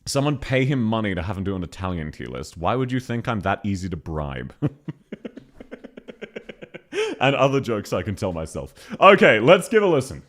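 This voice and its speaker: An Australian man talks through a stream in a casual, blunt way, laughing often and swearing freely. His pitch swings widely as he reacts. Nothing about him is polished. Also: very animated, fairly quick, fairly bright tone. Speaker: streamer reviewing voice acting.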